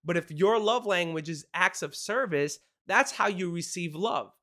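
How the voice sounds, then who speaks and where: Excited and quick, a podcast host chats casually about marriage advice, laughing frequently as he explains. He's a man whose voice sits high and comes across bright and forward on his casual advice show.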